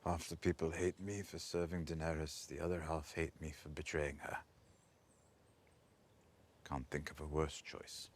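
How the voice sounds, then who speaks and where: Shrewd drama adviser: very low voice, measured, persuasive. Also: male voice, flat delivery, breathy edge, exaggerated voice. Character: shrewd, wry male royal adviser. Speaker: actor in a TV drama clip.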